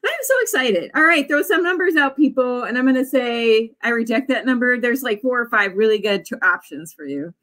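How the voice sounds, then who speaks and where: A woman's voice: a little high, lively intonation, a little fast, few pauses, a bit bright. A woman in her forties, an author hosting a writing sprint livestream in a casual, bubbly way, often cheering her viewers on with whoops. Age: 40s.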